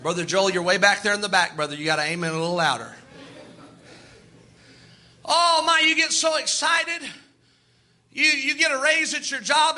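A man preaching a sermon in a folksy, animated way, slipping into quoted asides. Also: extremely high pitch, fairly quick.

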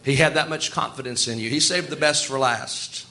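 A man's voice: medium pitch, normal speed, bright, forceful tone. A man preaching a sermon in a folksy, storytelling way. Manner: folksy, storytelling, chuckles often.

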